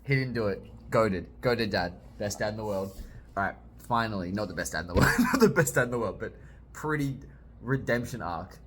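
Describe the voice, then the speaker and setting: A young man reading a manga aloud and reacting, excitable, swearing often and bursting into loud exclamations. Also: on the low side, brisk, noisy background. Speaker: manga reviewer.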